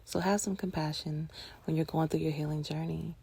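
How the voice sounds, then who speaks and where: Gravelly low-voiced woman, earnest. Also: steady tone. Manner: earnest, passionate, slows to a hush at times. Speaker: host of a personal growth talk. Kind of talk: reflective monologue on healing.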